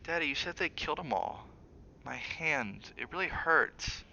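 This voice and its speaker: A man's voice: on the high side, animated, measured pace, vocal fry, pushed and bright, slight background noise, pitched above the performer's own voice, full character voice. Man doing a little boy, hurt and scared, small plaintive raised voice, dull lo-fi audio.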